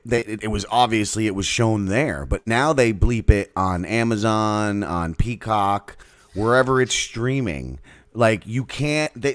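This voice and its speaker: A man co-hosting a podcast with a lively voice whose pitch swings widely. He talks in an animated, swearing way. The sound is dry and close, with no room around it. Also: no room sound. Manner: animated, profane, quick to jump into silly voices. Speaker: podcast co-host. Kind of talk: casual chat.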